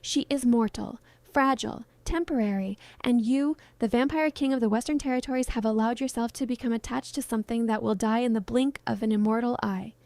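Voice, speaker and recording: Lady doing a cold ancient vampire lord, sneering and superior, mellow higher voice. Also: a little fast, few pauses, dry recording, lightly acted. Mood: cold contempt. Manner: cold, condescending.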